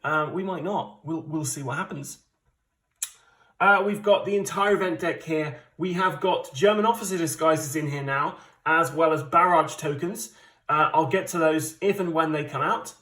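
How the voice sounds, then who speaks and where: A man from the UK with a fairly high voice hosts a casual solo board game playthrough. He talks in a chatty, rambling way and pokes fun at his own strategy skills. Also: moderate pace, pushed and bright. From United Kingdom. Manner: chatty, rambling, self-deprecating. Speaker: board game channel host.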